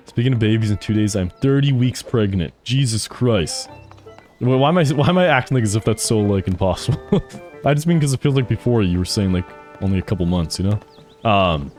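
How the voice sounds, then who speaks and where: A man's voice: on the low side, animated, a little fast, a little mellow, soft background music. A man streaming a game, chatting casually with his chat, laughing often and swearing freely. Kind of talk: casual live-stream chat while gaming.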